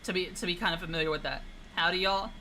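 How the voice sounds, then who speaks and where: A woman's voice: lowish voice, steady tone, racing, pushed and bright, slight background noise, poor audio. A young woman streaming a flight game, chatting casually and teasing her chat in a playful way.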